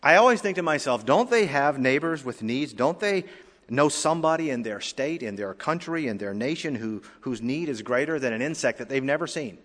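A male pastor preaching a sermon with emphatic rises and drops in loudness, in a church sanctuary. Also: mid-range voice, lively intonation, moderate pace. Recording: long hall reverb.

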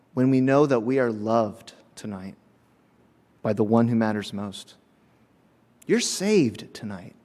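A man preaching a sermon, telling a personal story in an animated way, acting out voices and laughing often, heard with long hall reverb. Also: mid-range voice.

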